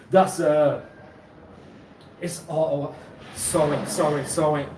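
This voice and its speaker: A man hosting a live stream, rambling and halting, who repeats himself and laughs often. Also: on the high side, fairly even intonation, far from the mic. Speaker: livestream host. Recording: echoey room, off-mic, noisy ambience.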